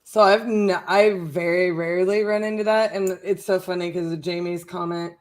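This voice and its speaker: A woman from Ohio co-hosting a casual livestream, chatty and quick to laugh. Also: on the low side, steady tone. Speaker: co-host, real estate investor.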